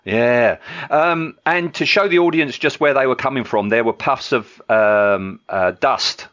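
A man hosting a casual film podcast, chatty and relaxed, with frequent ums and chuckles. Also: medium pitch, measured pace. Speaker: podcast host.

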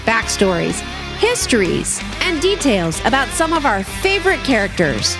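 Female announcer, high and animated, scripted intro read over guitar. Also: normal speed.

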